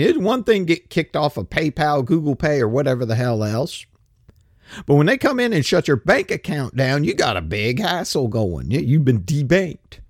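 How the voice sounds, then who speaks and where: A man's voice: fairly high pitch, vocal fry, no echo, clean studio sound. A man giving a blunt, profane, rambling opinion monologue. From United States. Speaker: commentator.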